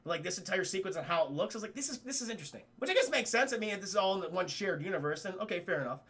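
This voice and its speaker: Excitable, gravelly-voiced man recapping a film. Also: sits high, racing. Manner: excitable, profane, addresses chat. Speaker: film reviewer streamer. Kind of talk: casual live film recap.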